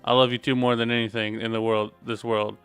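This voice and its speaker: A man reading an earnest noble father, gentle and reassuring, in his own smooth, clear voice. Faint game music plays beneath the dialogue. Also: medium pitch, little pitch movement, a little fast, close to an everyday voice.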